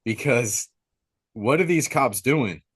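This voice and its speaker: A young man recaps a movie plot on a podcast with casual, excitable energy, calling his listener "dude" over and over. His voice sits in an ordinary male middle register. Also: medium pitch, slow, slightly rough. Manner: excitable storyteller, slangy, says dude a lot. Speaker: podcast host. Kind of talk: casual movie-review chat.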